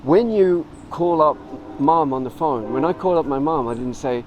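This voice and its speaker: A middle-aged man teaching a writing tutorial in a relaxed, informal way, explaining word origins and acting out short lines of example dialogue. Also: fairly high pitch, normal speed, a little hiss or hum, rough recording.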